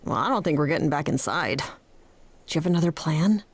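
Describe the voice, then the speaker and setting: A woman's voice: sits low, animated, normal speed, husky, heavily acted. An actress playing a cheerful, playful young woman companion in a video game.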